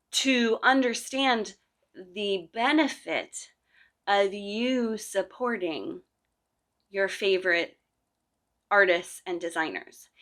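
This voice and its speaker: Slow, bright-voiced woman crochet teacher. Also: medium pitch. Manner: earnest, advice-giving, with frequent fillers and restarts. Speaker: crochet teacher and podcast host. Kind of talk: casual podcast monologue.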